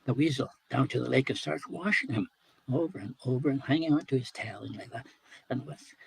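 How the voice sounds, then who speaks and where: Gravelly, husky male storyteller. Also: mid-range voice, dry recording, low-quality recording. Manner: unhurried, repeating phrases for rhythm. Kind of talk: oral folk storytelling.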